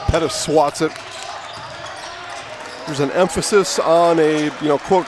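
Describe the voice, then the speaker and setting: A man's voice: a little high, fairly even intonation, a little slow, long pauses. Chatty man calling basketball. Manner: chatty, rambling, opinionated asides. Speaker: play-by-play announcer. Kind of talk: sports commentary. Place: gym broadcast booth. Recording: noisy gym audio with ball bouncing.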